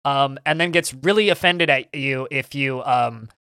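A man's voice: medium pitch, a little slow, gravelly, sharp tone, clear, resonant tone, dry recording, studio quality. A man co-hosting a podcast, chatting casually and enthusiastically about video games, rambling with frequent stammered restarts. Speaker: podcast co-host.

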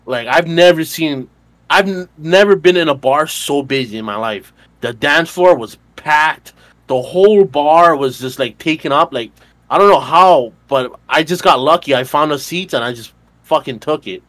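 A man's voice: fairly high pitch, expressive, moderate pace, fairly bright tone, dry recording. A man in his twenties, a podcast co-host, telling a bar story in casual chat, rambling and swearing, full of fillers. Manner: rambling, profane, filler-heavy retelling with laughs.

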